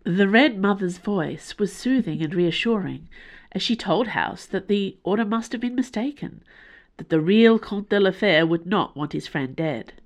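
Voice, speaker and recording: A woman hosting a podcast, reading a fiction serial aloud with expressive, measured delivery, recorded in a small room with a closed door. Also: mid-range voice. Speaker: podcast host and reader. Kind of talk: audiobook serial narration.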